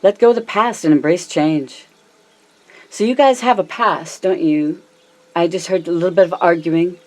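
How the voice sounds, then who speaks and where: A woman giving a casual tarot reading to viewers, chatty and affectionate, calling them her loves and honey, and often slowing down for emphasis. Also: a little mellow. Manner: varies her pitch and pace a lot, slows down for emphasis. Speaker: tarot reader.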